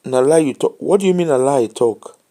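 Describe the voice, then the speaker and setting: A man's voice: mid-range voice, animated, fairly quick, warm tone. A tired man with a Nigerian accent hosting a late live show, giving casual commentary and advice in English mixed with Pidgin.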